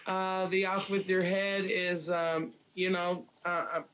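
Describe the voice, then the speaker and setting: A woman's voice: on the low side, level tone, slow, clear, resonant tone, muffled recording. A woman rapper from the Pacific Northwest talking frankly in a casual interview, telling stories with plenty of fillers. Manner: frank, storytelling, many fillers. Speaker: guest rapper.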